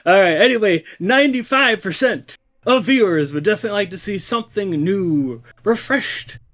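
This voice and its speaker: A man on a live stream delivering a mock business pitch with a straight, earnest manner. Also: normal speed. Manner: earnest mock-salesman, deadpan. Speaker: streamer co-host.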